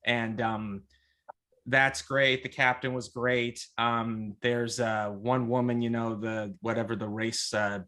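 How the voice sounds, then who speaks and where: A man with a theater background, chatting on a podcast and telling a story in a lively way, full of restarts and acted-out quotes. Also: mid-range voice, slow. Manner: animated storyteller who acts out quotes with many restarts; theater-trained. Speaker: podcast co-host reporting on a trip. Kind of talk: casual chat.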